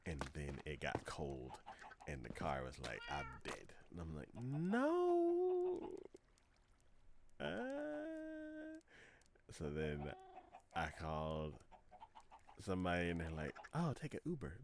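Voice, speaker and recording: A man's voice: a bass voice, fairly even intonation, normal speed, a little hiss or hum. A young adult man streaming live, telling a rambling story in casual chat and acting out both sides of each conversation with lots of fillers. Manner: frequent laughs and filler words.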